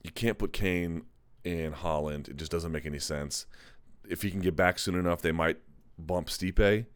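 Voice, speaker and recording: Low, smooth-voiced man hosting a live chat. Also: moderate pace, dry recording. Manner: candid, rambling, self-correcting. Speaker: MMA live chat host. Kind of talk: casual live-stream commentary.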